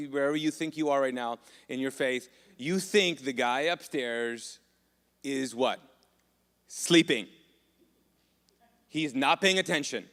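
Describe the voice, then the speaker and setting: A man's voice: a little high, fairly bright tone. A male pastor preaching a sermon in a loose, conversational way, joking and asking the congregation questions. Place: church hall. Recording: long church reverb.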